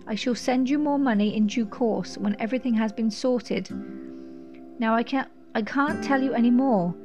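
Impatient old lawyer voiced by a woman, curt and snappish, slightly high. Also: normal speed, darkish tone, soft background music, lightly acted. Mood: knowing. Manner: snappish, brusque, clipped.

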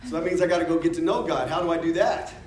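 A man with an American accent teaches a church discipleship class informally, asking the class questions, joking, and laughing. His fairly high, slightly mellow voice comes rapid-fire, recorded from a distance in an echoey room with soft background music.

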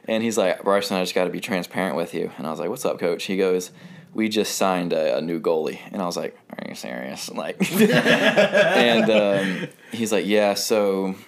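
A young man with a deep, low voice tells a story in an easygoing, rambling way. He is from North Carolina and fills his sentences with "like" and "um", laughing now and then as he talks. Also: animated, moderate pace. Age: 20s. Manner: rambling, lots of fillers and laughs. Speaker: guest. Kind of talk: casual storytelling.

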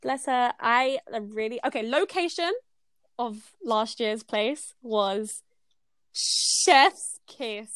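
A young woman tells a story on a casual podcast, her voice sitting fairly high. She talks animatedly and leans on fillers. The sound is close and dry. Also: animated, slow, clean tone, no room sound. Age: young adult. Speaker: podcast co-host. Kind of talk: casual chat.

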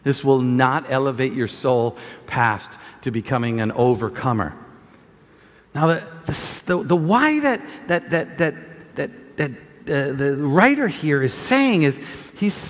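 A man preaching a sermon as pastor, animated, restarting phrases and repeating words as he talks. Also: mid-range voice, slow pace. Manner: animated preaching, acts out voices of doubters. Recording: long hall reverb.

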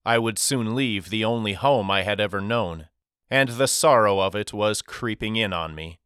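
A man narrating a first-person novel for an audiobook in a measured, expressive storytelling manner. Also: on the low side, clear, resonant tone, dry recording, clean studio sound.

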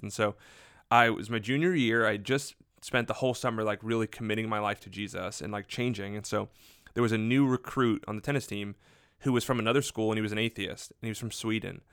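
Guy telling a story on a podcast, earnest and animated, says like a lot, super dry close sound. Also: fairly low pitch, clear, resonant tone, no room sound. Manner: earnest, animated, heavy use of "like". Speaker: podcast conversation partner. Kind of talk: casual storytelling chat.

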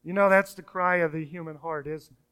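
High, smooth-voiced preacher man. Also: steady tone, brisk. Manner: emphatic preaching, drops to soft hush on key phrases; repeats words and restarts when speeding up. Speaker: pastor. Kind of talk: sermon.

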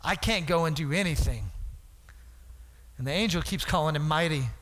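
High bright-voiced male preacher. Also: moderate pace. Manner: animated preaching, acts out Bible voices, asks congregation for responses. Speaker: pastor. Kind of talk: sermon. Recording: hall reverb.

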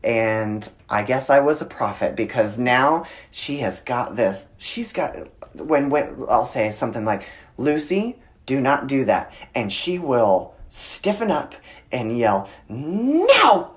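A man in his thirties, a guest in an interview, explaining communication with lively storytelling and frequent filler words. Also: medium pitch, unhurried. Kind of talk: conversational interview.

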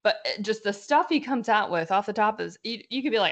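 A woman's voice: medium pitch, fairly quick. Chatty woman with a slight Louisiana twang. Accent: South Louisiana, slight Southern twang. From South Louisiana. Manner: chatty, animated storyteller. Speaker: podcast guest. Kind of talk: casual podcast chat.

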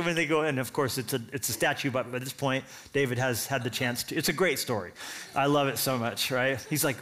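A man's voice: a little high, brisk. A man preaching a sermon, telling a story with casual asides and acting out what each character says. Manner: animated storytelling, acts out characters' lines. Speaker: pastor.

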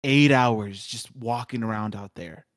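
A man co-hosting a podcast, telling a story in relaxed, casual banter. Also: lowish voice, measured pace, dry recording, studio quality. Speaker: podcast co-host.

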